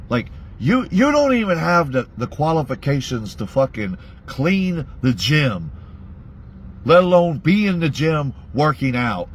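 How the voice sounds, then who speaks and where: A man's voice: a little high, very animated, a little slow, a little hiss or hum. A man ranting bluntly to his audience in a heated monologue, swearing constantly. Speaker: vlogger.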